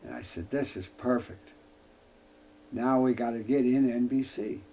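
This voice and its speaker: This is a storytelling anecdote from an older U.S. man being interviewed, folksy in wording, heavy on "I says," with other people's lines acted out. He speaks at an unhurried pace in a medium pitch and a dark tone, and the recording has a little hiss or hum.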